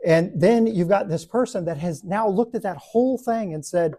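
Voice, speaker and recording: A man's voice: high-pitched, moderate pace, few pauses. A man teaching a Bible study group, telling a classroom story with lots of energy and acting out the voices of the people in it. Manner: animated, acts out voices and laughs at own stories.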